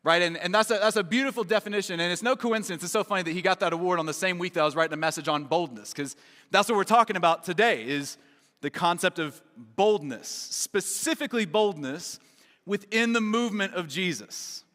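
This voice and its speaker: Joking pastor in a reverberant hall. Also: male voice, high-pitched, a little fast, fairly bright tone. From Kentucky. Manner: conversational and joking, lots of "right?" and "man". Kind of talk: casual sermon. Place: large church auditorium.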